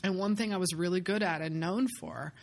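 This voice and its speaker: A woman co-hosting a casual chat about acting, animated and laughing often. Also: on the low side, a little fast, vocal fry, background noise.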